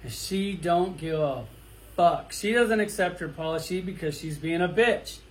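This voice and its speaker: A man's voice: a little high, moderate pace. A middle-aged man ranting bluntly and crudely, firing off rhetorical questions in a profane monologue. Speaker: toy collector vlogger.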